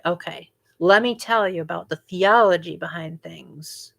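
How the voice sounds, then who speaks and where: Young woman host, slightly low voice, casual livestream chatter full of "like" and "um". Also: creaky, fairly bright tone. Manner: chatty, frequent "like" and "um" fillers. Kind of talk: casual livestream chat answering viewers.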